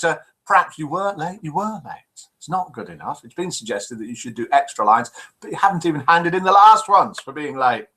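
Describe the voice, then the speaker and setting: Lively, bright-voiced older male host. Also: mid-range voice, breathy edge, poor audio. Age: over 50. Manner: chatty, teasing, reads out viewer comments. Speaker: host of a live online chat broadcast. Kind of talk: casual live-stream chat reading out messages.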